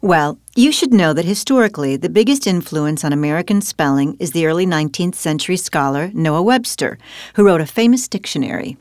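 A woman's voice: fairly low pitch, lively intonation, brisk, darkish tone, dry recording, clean studio sound. A woman teaching spelling in a scripted dialogue, guiding her partner patiently with questions. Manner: patient, questioning, guides with prompts. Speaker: language teacher.

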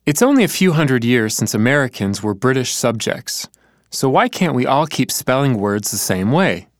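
A man acting as the learner in a scripted lesson dialogue, answering in a relaxed way with hesitations. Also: mid-range voice, normal speed, no room sound, studio quality. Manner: relaxed, thinks aloud with hesitations.

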